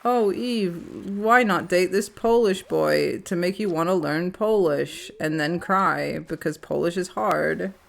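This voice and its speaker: A woman's voice: on the low side, takes it slowly, gravelly, few pauses. A young British woman streaming a farming game, swearing freely and laughing through casual banter. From Britain. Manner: swears often, laughs between lines.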